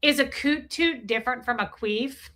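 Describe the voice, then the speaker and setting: Reading viewer comments aloud on her live stream, a woman in her forties talks in a high voice at a moderate pace. She's animated and joking, with a casual, crude style.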